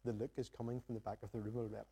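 A man's voice: on the low side, little pitch movement, very fast, warm tone, husky. A man preaching a sermon in church, earnest and reflective, reading scripture and posing questions to the congregation. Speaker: pastor. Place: church sanctuary.

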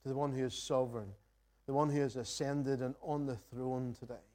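A man delivers a sermon from the front of a church with a mellow, warm tone. He speaks earnestly and reflectively, reading scripture aloud and asking the congregation searching questions. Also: medium pitch, fairly even intonation, brisk. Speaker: pastor. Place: church sanctuary.

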